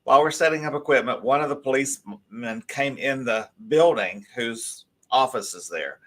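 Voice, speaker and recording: A man, telling a story as a guest on a live talk show, animated and rambling, with many restarts. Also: mid-range voice, normal speed.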